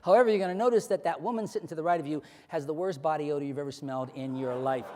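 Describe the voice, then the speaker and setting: Fast-talking stage hypnotist man. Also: a little high, warm tone. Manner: rapid, repetitive hypnotic suggestions; commanding, playful with volunteers. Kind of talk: live hypnosis stage show. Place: large hall before an audience. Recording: echoey hall, live stage.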